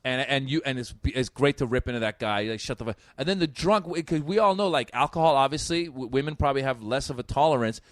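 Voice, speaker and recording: A man's voice: mid-range voice, fast talker, few pauses, no room sound. A man from Iran, a comedian, chatting casually on a podcast and telling a stand-up story, acting out the people he talks to. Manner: animated storyteller acting out crowd exchanges, frequent restarts. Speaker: comedian guest.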